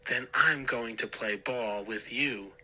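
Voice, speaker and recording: A man voicing a sinister male ventriloquist dummy who threatens in a hoarse, tinny rasp. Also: mid-range voice, takes it slowly, bright, forceful tone, exaggerated voice. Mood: menacing. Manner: menacing, threatening.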